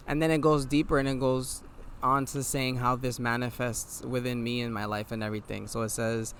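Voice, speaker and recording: A tired man with a nasal voice, hosting a podcast. He talks in a casual, reflective monologue and reads affirmations aloud in a low, laid-back way. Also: flat delivery, normal speed, a bit bright, a little hiss or hum. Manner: low, laid-back delivery with mild swearing. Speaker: podcast host.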